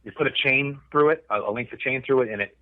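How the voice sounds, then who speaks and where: A Coast Guard veteran telling a rambling, profane story in casual conversation. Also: male voice, medium pitch, quick pace, no room sound, narrow, tinny audio. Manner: rambling, profane, restarts often.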